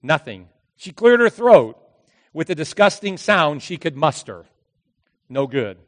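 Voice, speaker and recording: A male pastor preaching a sermon, telling a story dramatically, with his voice swinging from hushed to loud. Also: a little high, very animated, unhurried. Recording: long hall reverb.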